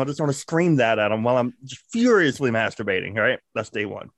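A man co-hosting a podcast, telling a crude, animated comic story full of profanity. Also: mid-range voice, a little fast, no echo, studio quality. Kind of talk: casual comedic storytelling.

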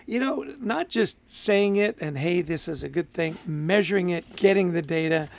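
A man co-hosting a podcast in casual chat, upbeat and quick to laugh. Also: high-pitched, vocal fry, no room sound. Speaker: podcast co-host.

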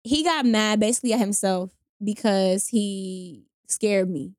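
A young woman telling a personal story in casual chat, animated, acting out both sides of the conversation with slang. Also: medium pitch, a little slow, no room sound, clean studio sound. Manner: animated retelling with quoted voices and slang. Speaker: storyteller guest.

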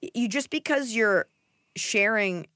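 A woman's voice: fairly high pitch, lively intonation, unhurried, fairly bright tone, no echo, clean studio sound. A woman in her thirties hosting a casual advice podcast, blunt and joking, with lots of "like" in her speech. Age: 30s. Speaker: podcast host giving advice.

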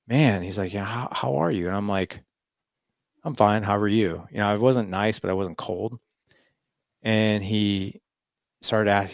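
A man's voice: low voice, no echo, clean studio sound. A man in his forties, a podcast guest, telling a personal story in casual talk and acting out the dialogue. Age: 40s. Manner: animated, acts out quoted dialogue.

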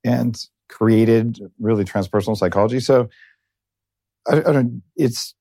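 A man's voice: mid-range voice, unhurried, warm tone, no room sound, clean studio sound. A middle-aged man hosting a casual interview, talking in a rambling way that often breaks off and circles back. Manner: rambling, tangential, self-interrupting. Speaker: podcast host.

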